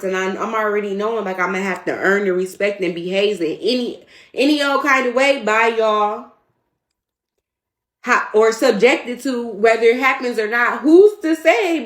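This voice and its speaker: A woman's voice: mid-range voice, echoey room. A woman giving a heated, emphatic and rambling casual response. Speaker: commentator. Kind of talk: casual social media response.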